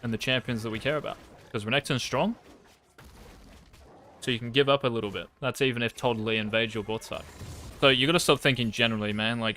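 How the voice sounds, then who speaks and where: A man's voice: mid-range voice, steady tone, fast, pushed and bright. A young man, coaching a player over a game replay in a blunt, casual and profane way.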